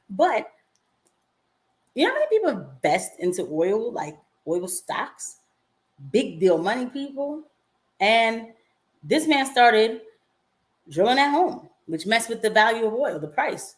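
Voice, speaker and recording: A woman's voice: on the high side, normal speed, pauses often. A young woman, a nurse, chatting casually on a livestream, reading viewer comments and slipping into mocking voices. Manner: animated, swings into mocking quoted voices, laughs often. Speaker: nurse and political vlogger.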